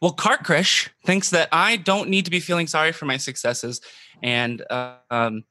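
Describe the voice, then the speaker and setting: A man co-hosting a comedy podcast over a remote call, speaking in a deadpan, petulant way. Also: a little high, moderate pace, dry recording, clean studio sound. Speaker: co-host. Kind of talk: improvised comedy bit.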